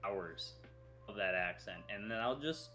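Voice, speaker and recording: A man's voice: on the low side, animated, measured pace, pushed and bright, faint music behind. A man co-hosting a livestreamed podcast, chatting casually and teasing his co-host with frequent laughter. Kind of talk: casual chat.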